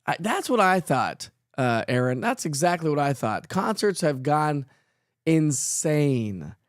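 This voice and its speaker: A man's voice: a little high, big pitch swings, slow pace, no room sound, studio quality. A middle-aged man, hosting a live weather stream and answering viewers' chat in a chatty way, with many fillers. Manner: chatty, reads viewer comments aloud and answers them; frequent fillers and laughs. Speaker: weather show host.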